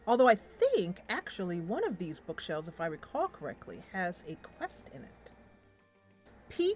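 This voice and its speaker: A woman's voice: fairly low pitch, very animated, moderate pace, a little mellow, soft background music. A woman hosting a game playthrough, chatting and reading the game text aloud. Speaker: gameplay host. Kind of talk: let's play commentary.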